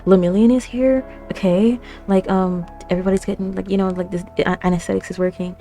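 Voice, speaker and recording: A young woman hosting an anime reaction, talking casually with lots of fillers, gasps and excited exclamations. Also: medium pitch, a little fast, faint music behind. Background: anime episode soundtrack playing.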